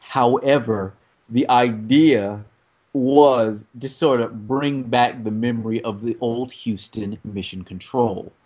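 A man's voice: medium pitch, slow pace, darkish tone. Rambling man explaining a film plot. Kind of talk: casual film discussion.

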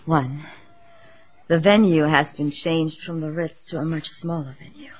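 A low-voiced, glamorous actress turned spy talks in a hushed, conspiratorial tone in a film scene. She keeps her voice down throughout. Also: a little slow. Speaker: film clip.

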